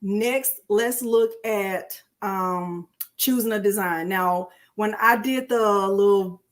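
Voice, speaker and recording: A middle-aged woman, hosting a casual live-stream crafting tutorial and talking to viewers in a chatty, warm-hearted way. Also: medium pitch, slow. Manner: chatty and emotional, addresses viewers as y'all.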